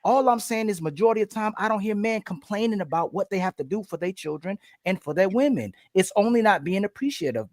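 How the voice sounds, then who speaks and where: A man co-hosting a heated panel debate, with a voice pitched higher than most men's. He talks emphatically, stacking points in repeated phrases. The sound is dry and close. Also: dry recording. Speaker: panel co-host.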